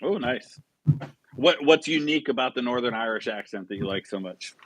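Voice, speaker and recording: A man's voice: mid-range voice, lively intonation, moderate pace, fairly bright tone, dry recording. A man hosting a casual live chat, asking questions with stammered restarts and short replies in between. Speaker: host.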